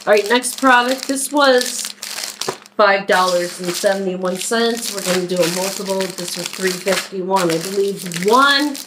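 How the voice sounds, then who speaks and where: Casual haul vlogger, woman from Philadelphia, slow easygoing delivery, faint hiss behind. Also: medium pitch. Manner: chatty, unhurried, talks while unpacking items. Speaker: vlogger doing a shopping haul. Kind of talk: casual haul video chat.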